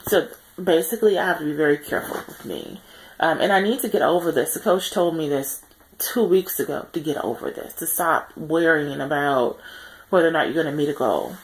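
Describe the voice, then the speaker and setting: A tired woman speaking earnestly in a personal video diary, pausing often and correcting herself as she reflects. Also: low voice, low-quality recording. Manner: reflective and earnest, many pauses and self-corrections. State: tired, yawning. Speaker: vlogger on a weight-loss journey.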